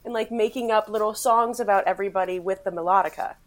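A woman's voice: medium pitch, steady tone, fast. A woman guesting on an improv comedy podcast, giggly and playful as she plays along.

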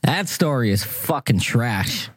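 A man's voice: mid-range voice, lively intonation, takes it slowly, no echo. A man co-hosting a casual chat, reacting bluntly with profane, incredulous remarks.

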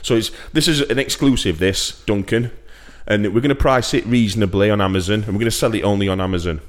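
A man hosting a casual football podcast, rambling and laughing his way through a playful mock sales pitch. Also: fast. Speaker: podcast host. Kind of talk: casual chat.

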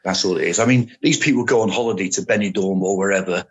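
An older man, a former soldier and police officer, recounting stories in a matter-of-fact, unhurried way as a podcast guest. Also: low voice, breathy edge. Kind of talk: casual storytelling. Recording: dull lo-fi audio.

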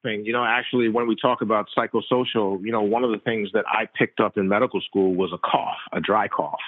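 A man, a physician interviewed as a guest, telling stories in an animated, slangy, casual way. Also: fairly low pitch, a little fast, dry recording. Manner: animated, slangy, tells stories with quoted dialogue. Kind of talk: casual conversational storytelling. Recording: dry tinny phone-like line.

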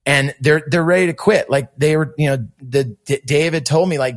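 A man's voice: fairly high pitch, normal speed, few pauses. A middle-aged man telling a long story in casual chat, acting out quoted voices and swearing freely. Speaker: podcast guest musician.

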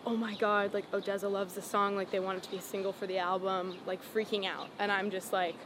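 A young woman, a singer-songwriter, telling her story in a casual interview, full of "like" and "um" and animated retellings. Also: mid-range voice, fast talker, slight background noise. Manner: rambling, lots of "like" and "um", animated retelling.

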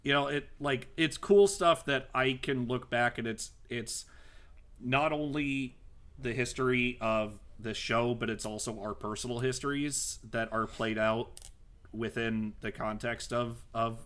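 Halting, bright-voiced podcast guy. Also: medium pitch, fairly even intonation. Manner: halting, stumbling restarts. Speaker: podcast co-host. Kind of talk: casual chat.

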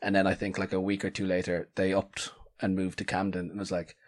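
Low-voiced man hosting a chatty interview. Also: completely flat delivery, fast talker. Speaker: podcast host. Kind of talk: casual interview chat.

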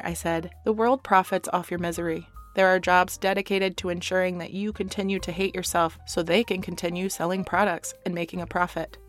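Young woman, solo podcast host, lower register, heartfelt and casual, faint music underneath. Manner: warm, earnest and affectionate, with casual swearing.

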